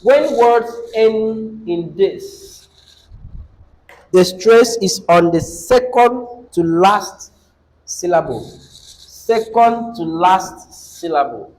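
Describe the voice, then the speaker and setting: A male teacher with a Nigerian English accent and a high voice leads a classroom lesson. He talks at a slow, measured pace, dictating each rule and repeating it for note-taking. Between rules he quizzes his students with short questions. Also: animated, darkish tone, rough recording.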